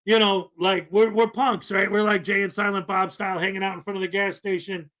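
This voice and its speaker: A man's voice: sits high, little pitch movement, brisk, fairly bright tone. A man telling a rambling story in casual podcast chat, full of fillers and asides.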